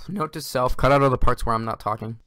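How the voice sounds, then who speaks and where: A man doing let's-play commentary, frantic and exasperated, ranting and yelling at the game as he plays. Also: medium pitch. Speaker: gaming video creator.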